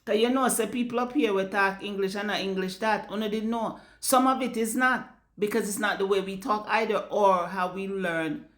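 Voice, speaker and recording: A woman's voice: mid-range voice, fairly even intonation, normal speed, reverberant. A Jamaican woman speaking bluntly in a casual vlog rant, swearing freely and slipping into patois. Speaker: vlogger. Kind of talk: casual ranting monologue.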